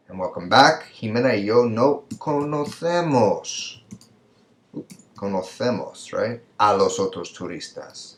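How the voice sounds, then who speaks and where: A man's voice: fairly low pitch, echoey room. A man who teaches college Spanish, explaining exercises patiently on a screen recording and checking in often with "right?" and "okay?". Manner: patient, repeats answers with frequent "right?" and "okay?". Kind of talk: screen-recorded lecture walking through exercises.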